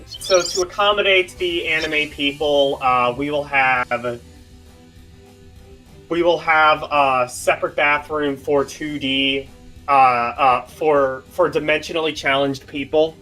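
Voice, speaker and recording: A stream host in casual chat, joking and animated and tripping over words as they go. The voice has a bright, crisp edge, and faint music plays in the background. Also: medium pitch, takes it slowly.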